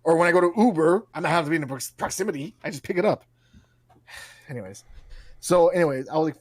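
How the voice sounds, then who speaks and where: A man in his thirties tells a story on a podcast and acts out every exchange, laughing as he goes. His voice sits a little high. The recording is dry and close to the mic. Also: quick pace, long pauses, dry recording. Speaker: podcast co-host. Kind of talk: casual chat.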